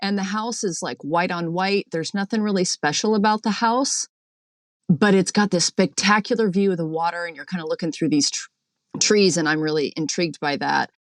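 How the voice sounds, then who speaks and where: A woman calling in from a boat, telling her dream in a chatty, animated way with lots of fillers, acting out what people said. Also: on the low side, normal speed, no echo, clean studio sound. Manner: chatty, animated storyteller, many fillers, acts out quotes. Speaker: caller. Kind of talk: recounting a dream on a call-in show.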